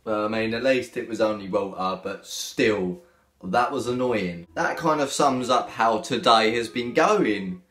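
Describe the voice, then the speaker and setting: A young man with a lowish, fairly bright voice jokes and banters at a measured pace while reacting to hate comments in a casual comedy vlog. His manner is cheeky and slangy, and the echoey room carries faint music.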